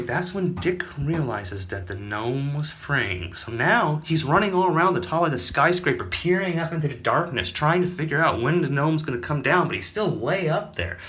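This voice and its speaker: A man's voice: fairly high pitch, fairly bright tone. A man telling a comic story in a rambling way, with many fillers and asides.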